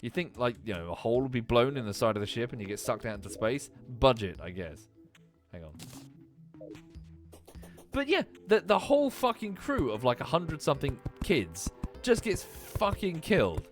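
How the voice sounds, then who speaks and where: A man in his thirties, a streamer, rambling in casual chat, animated and swearing freely, with frequent restarts. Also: mid-range voice, normal speed, faint music behind.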